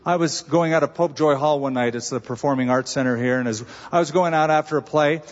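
A man's voice: a little high, fairly quick. A man preaching a sermon as pastor, conversational with humor and emphatic stresses. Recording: dull reverberant sanctuary recording.

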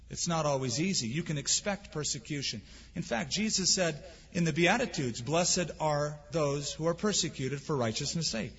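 A man's voice: fairly high pitch, a bit bright, breathy edge. A man preaching a sermon as pastor, earnest and emphatic, with rhetorical questions. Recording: dull lo-fi sound with long hall reverb.

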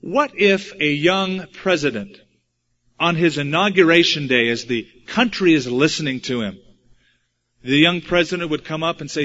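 Male preacher, fairly high voice, dramatic storytelling sermon, dull lo-fi recording. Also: moderate pace, bright, forceful tone. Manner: dramatic, acts out quotes with shifting pitch and volume.

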